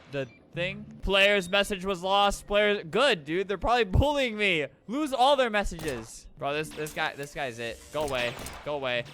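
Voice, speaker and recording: A man commentates his game with a high, bouncy voice that swings all over the place. He gets excitable fast, yelling at other players and cracking quick asides. Faint game music plays underneath. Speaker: gaming video creator. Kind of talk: live gameplay commentary.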